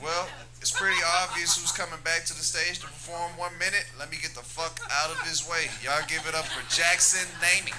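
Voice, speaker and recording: A man's voice: fairly high pitch, fairly even intonation, a little fast, hardly any pauses, loud music behind the voice. A man with a Southern US accent hosting a live stand-up competition on a comedy club stage, brash and hyping the crowd. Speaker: comedy show host. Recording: noisy live club room.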